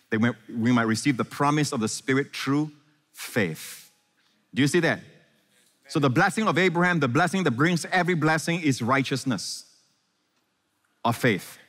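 In a big, echoing church hall, a pastor preaches a sermon to his congregation in a medium-pitched, fairly bright voice. He's engaging, firing quick questions at the listeners.

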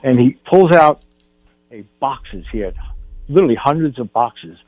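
A man's voice: mid-range voice, lively intonation, normal speed, no echo. An older man, a film director guest on a radio show, telling a personal story in an earnest way, often restarting his sentences. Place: radio studio. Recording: dull radio broadcast.

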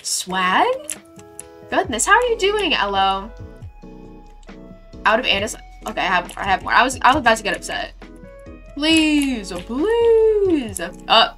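A bubbly young woman streams herself building in a game, chatting playfully with her viewers and thanking them warmly. Her voice sits a little high and sounds bright and crisp, with soft music playing faintly behind her. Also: very animated, unhurried, long pauses. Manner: bubbly, gushing thanks to chat, playful slang. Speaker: live streamer. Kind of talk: casual live-stream chat while building in a game.

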